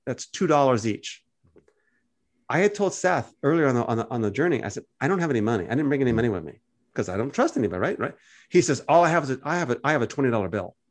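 A man with an everyday mid-range voice tells a story in relaxed conversation. He gets animated, throwing his voice up high to act out the people he quotes. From United States. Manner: animated storyteller, acts out quoted voices with big pitch jumps. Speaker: podcast co-host.

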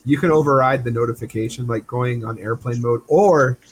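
A man co-hosting a casual podcast, playful and quick to act out little bits. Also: medium pitch, slight background noise, poor audio. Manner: playful, acts out bits in mock voices. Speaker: podcast co-host. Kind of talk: casual chat.

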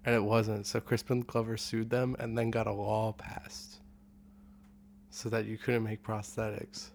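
A man's voice: lowish voice, flat delivery, a little slow, vocal fry, a little mellow, a little hiss or hum. A man in casual podcast chat, playful and joking, spinning tall tales with a straight face. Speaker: podcast guest.

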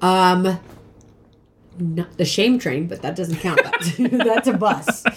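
A woman's voice: lowish voice, lively intonation, takes it slowly, a little hiss or hum. A woman in her forties telling a rambling story in casual chat, full of "like" and acted-out quotes.

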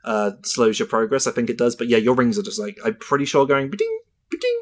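A man's voice: medium pitch, fast talker. A man co-hosting a video game podcast, chatting enthusiastically and hedging now and then. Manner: enthusiastic, lively, some hedging. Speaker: podcast co-host. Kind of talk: casual chat.

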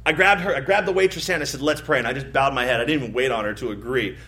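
A pastor preaching a sermon, telling personal stories and rising from quiet asides to emphatic points. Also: male voice, mid-range voice, racing, a little hiss or hum. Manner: storytelling, swings from soft asides to emphatic rises.

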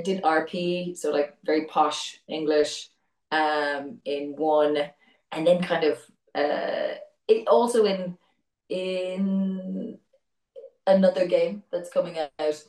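A woman's voice: on the low side, a little mellow. Chatty Irish woman in an echoey room. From Ireland. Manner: chatty, laughs often, restarts words. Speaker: voice actor guest. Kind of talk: casual interview chat. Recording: echoey room, distant mic.

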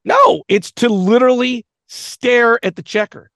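Sarcastic male podcast co-host, high, gravelly and lively, dry sound. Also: measured pace, no echo. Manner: sarcastic, animated. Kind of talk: casual podcast chat.

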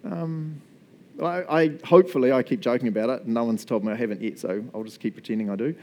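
A man's voice: mid-range voice, fast, darkish tone. A male pastor preaching a sermon in a casual, chatty way, often laughing as he talks.

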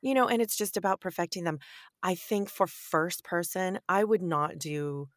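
A woman with a notably low voice, answering as an audiobook narrator. She talks with animated emphasis and laughs easily. The sound is very dry and close. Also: normal speed, no room sound. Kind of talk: podcast interview answers.

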